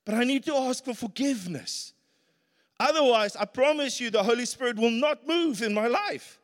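South african preacher guy, high voice, gets emphatic, big echoey church sound. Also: lively intonation, moderate pace. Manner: earnest, rises to emphatic peaks. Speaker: pastor. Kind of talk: sermon. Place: church hall. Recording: reverberant church hall.

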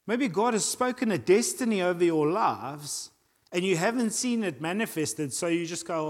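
South African pastor preaching in a reverberant hall. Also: male voice, high voice, moderate pace. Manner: animated preaching with acted-out voices and reading aloud. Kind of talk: sermon. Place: church hall.

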